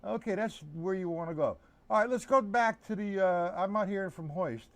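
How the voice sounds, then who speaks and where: A man's voice: sits high, normal speed, fairly bright tone. A man teaching drums on a live stream, chatting loosely and answering viewers by name. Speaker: drum teacher. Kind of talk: live-streamed drum lesson.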